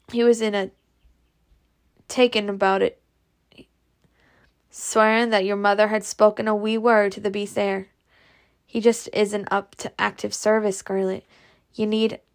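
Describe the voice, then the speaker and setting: A woman voicing a calm, kindly Southern gentleman near seventy, soft and reassuring in manner. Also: medium pitch, close to an everyday voice.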